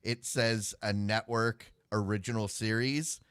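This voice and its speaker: A man's voice: on the low side, steady tone, unhurried, fairly bright tone, clear, resonant tone, no echo, studio quality. A man co-hosting a live web show, chatting casually and rambling with sighs and filler words. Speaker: podcast co-host. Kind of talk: casual chat.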